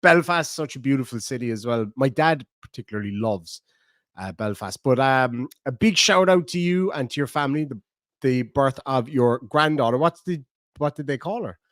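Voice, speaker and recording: A man's voice: medium pitch, lively intonation, moderate pace, fairly bright tone, dry recording. Chatty Irish man, dry close sound. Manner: rambling, jokey, chatty. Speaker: livestream host. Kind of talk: casual chat reading live comments.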